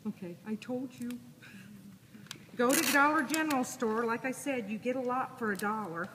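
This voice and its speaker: A woman teaches a sewing class, chatty and relaxed, talking through each step as she works. Her voice carries through a reverberant classroom, with steady background noise around it. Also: fairly high pitch, normal speed. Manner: casual, chatty, thinking aloud while working. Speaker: sewing instructor. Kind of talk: classroom demonstration. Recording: echoey room with audible noise.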